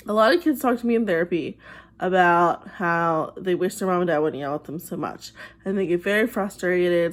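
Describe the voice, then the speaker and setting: A woman who works as a behavioral therapist, talking to the camera and patiently explaining advice to children. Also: on the low side. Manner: gentle and patient, acts out parents' voices in quick asides.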